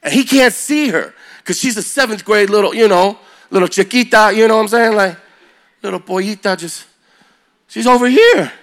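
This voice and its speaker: A middle-aged man, a youth pastor, telling a story as he preaches, his delivery swinging from hushed lines to shouts. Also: sits high, expressive, normal speed. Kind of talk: energetic sermon storytelling.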